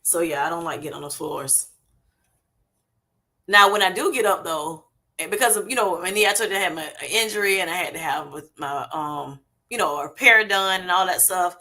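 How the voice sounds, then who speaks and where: A woman's voice: on the low side, a little fast, bright, forceful tone. A middle-aged woman chatting casually with viewers on a livestream, laughing often and calling them honey and y'all. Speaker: livestream host. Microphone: streaming setup.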